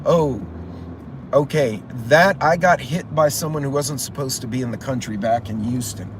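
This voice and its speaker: A man's voice: medium pitch, moderate pace, noisy background. A middle-aged man hosting a casual livestream, telling stories in a rambling, profane way. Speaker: channel host.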